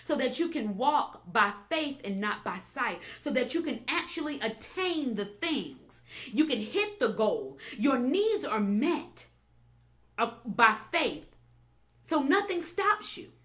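A woman pastor preaching a sermon with animated delivery, repeating phrases and building to emphatic peaks. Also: high voice, takes it slowly.

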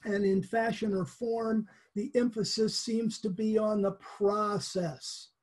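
A Bible teacher talks through a lesson in an easygoing, explanatory way. The voice is husky and mellow. Sentences often restart, and light chuckles come through. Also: medium pitch, fairly even intonation, takes it slowly.

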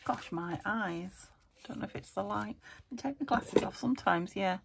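A woman's voice: medium pitch, moderate pace, gravelly, a little hiss or hum. A British woman hosting a crafting video, chatting casually and muttering to herself as she works at her table, sometimes dropping to a whisper. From United Kingdom. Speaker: craft channel host.

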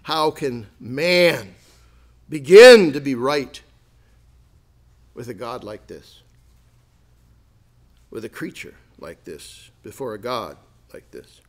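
Animated man preaching a sermon. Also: mid-range voice, takes it slowly, pauses often. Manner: lively, jokey, acts out sarcastic asides with laughs. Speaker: pastor. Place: church sanctuary.

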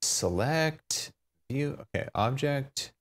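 A man talking through a software tutorial, thinking aloud, fumbling and poking fun at himself. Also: medium pitch, animated, slow pace. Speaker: tutorial maker. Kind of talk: unscripted screen-recorded tutorial.

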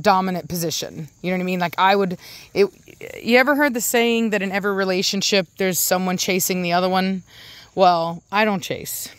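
A woman's voice: medium pitch, a bit bright, no room sound. A young adult woman hosting a casual vlog, talking in a rambling way with many restarts and stopping to coo at her dogs. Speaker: dog breeder and channel host.

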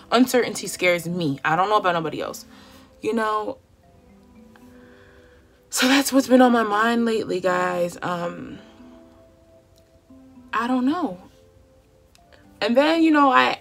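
A woman's voice: mid-range voice, fairly bright tone. A woman in her twenties doing her makeup at home while she talks candidly to her viewers, heartfelt and conversational, calling them y'all. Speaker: beauty vlogger. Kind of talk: chatty get-ready-with-me monologue.

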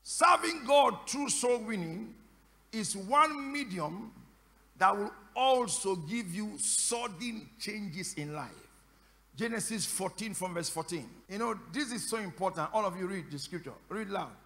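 A man preaching a sermon as pastor, questioning the congregation again and again in call and response and breaking into shouted prayer. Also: sits high, lively intonation, unhurried. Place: church service. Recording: echoey church hall.

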